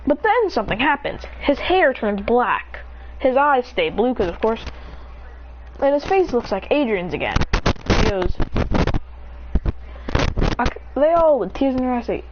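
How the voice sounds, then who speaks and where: A woman's voice: big pitch swings, moderate pace, pauses often, muffled recording, background noise. Rambling woman telling an improvised story. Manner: rambling, breathless, voices characters in higher pitch. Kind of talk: improvised story narration with character dialogue.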